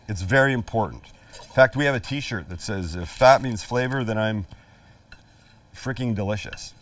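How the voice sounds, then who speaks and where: A man's voice: on the low side, no room sound. Male cooking host, casual and self-mocking, slightly distant mic pickup. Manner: jokey, chatty, self-deprecating. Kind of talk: live cooking demonstration.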